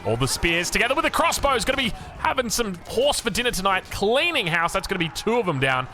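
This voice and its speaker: Australian man, game caster, higher-set voice, bright and forceful; rambling, self-mocking commentary. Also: sing-song, fast, a little hiss or hum.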